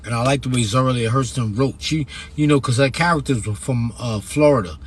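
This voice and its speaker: A man's voice: mid-range voice, brisk, slight background noise. A man from New York with a New York accent, an author chatting casually on a livestream about his books and reading a passage aloud, blunt and profane, with sudden emphatic bursts.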